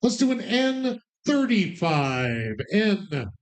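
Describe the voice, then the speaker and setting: A man calling bingo numbers, drawing each call out slowly and tossing in quick, playful joking asides. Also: high-pitched, sing-song. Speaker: bingo caller.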